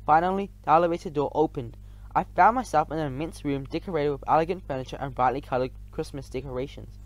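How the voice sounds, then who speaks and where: A man's voice: on the high side, fast talker. A man reading a first-person children's story aloud, now and then stumbling and restarting words. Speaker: audiobook reader.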